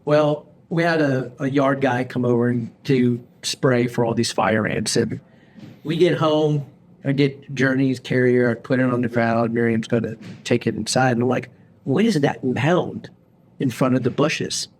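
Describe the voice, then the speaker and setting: A man's voice: mid-range voice, normal speed. A man, a podcast host telling a long story in casual chat and acting out the lines he quotes. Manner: animated storyteller, acts out his own quoted lines. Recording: faint background noise.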